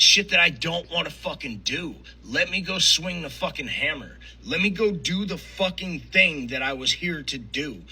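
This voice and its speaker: An irritated man rants in a harsh, strained voice that is sharp and piercing. He fires off one rhetorical question after another, swearing in nearly every breath, with the pitch sitting somewhat high. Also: breathy edge, rough recording. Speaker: clip of a ranting man. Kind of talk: angry profane rant.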